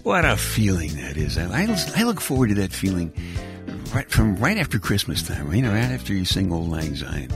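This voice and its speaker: A man's voice: deep voice, big pitch swings, normal speed, vocal fry, music in the background. An older man from Brooklyn, hosting a bedtime podcast and telling a folksy, rambling story with wry humor. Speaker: podcast host.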